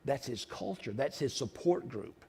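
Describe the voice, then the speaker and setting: A man preaching a sermon in church, repeating lines for emphasis and breaking into loud shouts. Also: mid-range voice, animated, unhurried. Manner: preaching with sudden shouted outbursts; repetitive, emphatic delivery. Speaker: pastor. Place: church sanctuary.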